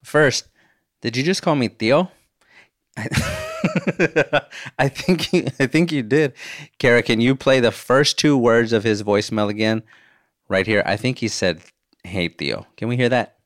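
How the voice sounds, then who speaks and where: A man's voice: medium pitch, measured pace, pauses often, no echo, studio quality. Laid-back man telling funny stories. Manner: animated storytelling, swears, laughs often. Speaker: podcast host. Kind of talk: casual podcast chat answering listener voicemails.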